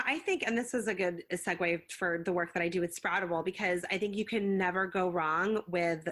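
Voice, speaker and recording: A woman's voice: lowish voice, a bit bright. A woman, a school psychologist and counselor, answering interview questions in an earnest, explanatory way, often acting out what she says to children. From United States. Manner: earnest, explanatory, acts out parent-child quotes.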